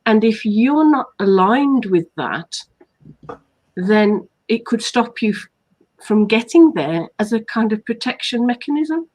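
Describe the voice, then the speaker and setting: A woman from England hosts a live online talk as a hypnotherapist. She explains her points earnestly and works through them one by one, in a slightly high voice. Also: animated, unhurried, a little mellow, low-quality recording. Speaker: hypnotherapist host.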